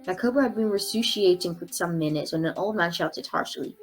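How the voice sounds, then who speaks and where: A woman reading a book chapter aloud in a measured, expressive way. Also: on the low side. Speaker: storybook reader.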